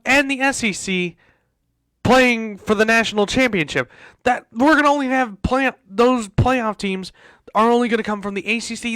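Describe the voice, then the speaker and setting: A man's voice: high-pitched, a bit bright, no echo. A man hosting a casual sports talk show, ranting in exasperation and repeating himself. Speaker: host.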